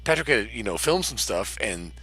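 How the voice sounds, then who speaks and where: Man, bright voice, lively pitch, excitable co-host, laughs a lot. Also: moderate pace, breathy edge. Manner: excitable, laughs often, repeats words. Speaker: podcast co-host. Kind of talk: casual live-stream chat.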